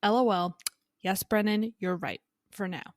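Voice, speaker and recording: Chatty lady podcaster recapping a book, swears a bunch, mid pitch, dry room. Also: steady tone, normal speed, no room sound. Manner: chatty, swears freely, reads out quotes. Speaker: podcast co-host.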